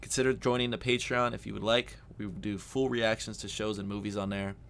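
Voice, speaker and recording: Young man, from the US, reaction host, gravelly low voice, energetic chatter. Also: fairly quick, a little hiss or hum. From United States. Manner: energetic, chatty, exclaims often. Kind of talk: casual reaction commentary.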